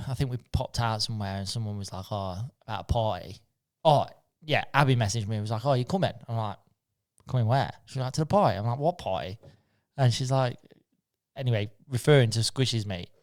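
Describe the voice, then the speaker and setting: Casual animated man telling a story. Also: medium pitch. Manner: animated storyteller, acts out quoted lines, laughs often. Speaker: podcast co-host. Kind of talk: casual chat.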